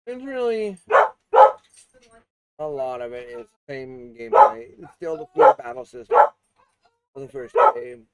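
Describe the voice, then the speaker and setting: A man talks through a video game review in a casual, meandering way, full of fillers and restarts. His voice swings lively up and down while staying mid-pitched. He coughs and clears his throat now and then. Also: unhurried, long pauses. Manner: rambling, with many fillers and restarts.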